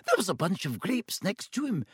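A man voicing a stern, older female professor in an audiobook, in a crisp, urgent, clipped way. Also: high voice, wildly swooping pitch, moderate pace, dry recording, studio quality, pitched above the performer's own voice, heavily acted. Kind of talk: audiobook character voice.

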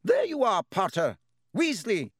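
A stern, strict older schoolmistress, as a man voices her high and sharp, loud with clipped, commanding orders. The storybook voice is close and dry. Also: sing-song, normal speed, no echo.

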